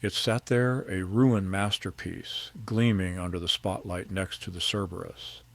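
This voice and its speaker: A middle-aged man narrating a first-person story. His voice is very low and gravelly. His delivery is calm, measured and precise. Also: no room sound.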